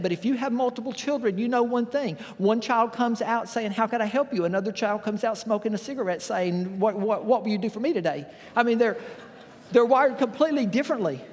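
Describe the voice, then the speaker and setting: A man's voice: high voice, long reverb tail. A man preaching a sermon as pastor, telling folksy stories and acting out the voices of the people in them. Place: church sanctuary.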